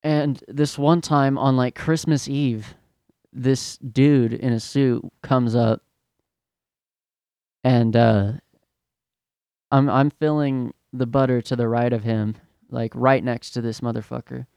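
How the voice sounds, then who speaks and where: A man's voice: mid-range voice, steady tone, takes it slowly, vocal fry, long pauses, a little mellow, clean tone, no echo, clean studio sound. Profane, exasperated young man ranting. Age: young adult. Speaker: podcast host. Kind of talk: ranting storytelling monologue.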